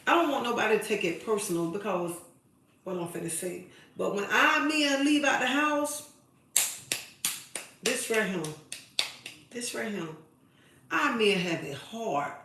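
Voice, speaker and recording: A woman's voice: on the high side, lively intonation, moderate pace, pushed and bright, distant mic, a little hiss or hum. Preachy woman in a very echoey room. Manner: preachy, emphatic, repeats phrases. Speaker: live-stream host. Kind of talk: impassioned advice monologue to women. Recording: very echoey room, away from the mic.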